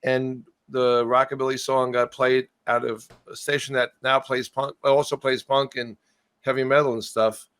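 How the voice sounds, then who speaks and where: A man's voice: medium pitch, little pitch movement, normal speed, fairly bright tone, smooth, no room sound, studio quality. A man telling a long story in a casual interview, often trailing off and starting his sentences over. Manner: rambling, trailing off and restarting. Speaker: guest musician.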